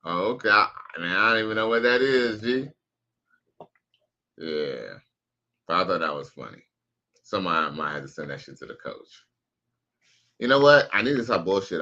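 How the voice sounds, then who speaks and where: A man's voice: low-pitched, sing-song, moderate pace, gravelly, pauses often, sharp tone, lo-fi sound. A man casually commenting on a live stream, slangy and profane, reacting to clips and reading out chat. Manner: laid-back, slangy, profane, reads out chat messages.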